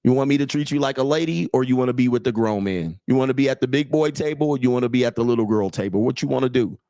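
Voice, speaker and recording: A blunt, crude man in his late forties riffs and reads chat on his livestream, mocking his listeners and laughing at his own jokes. His voice sits at an ordinary middle pitch. The sound is dry and close, with no room around it. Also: very fast, mellow, no room sound. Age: 40s. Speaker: host and dating coach. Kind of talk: livestream commentary reading chat.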